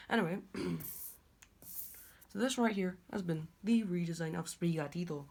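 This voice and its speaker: A woman's voice: fairly low pitch, normal speed, pauses often, darkish tone. A woman creator musing aloud as she draws, making clicking sounds with her voice while she thinks. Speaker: video creator.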